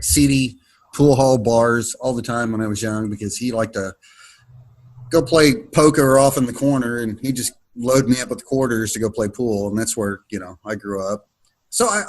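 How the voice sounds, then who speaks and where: A man hosting a podcast over a video call, talking in a relaxed, rambling way with crude humor. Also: medium pitch, rough recording. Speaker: podcast host.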